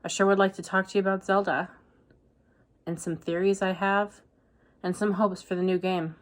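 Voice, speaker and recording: A woman book vlogger talking casually to camera, deadpan and exasperated as she rants. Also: medium pitch, moderate pace. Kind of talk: casual reading vlog.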